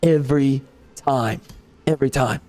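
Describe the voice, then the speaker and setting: A man's voice: medium pitch, a little slow, a little mellow, faint music behind. A man making a gaming video, giving heated, repetitive, exasperated commentary over gameplay.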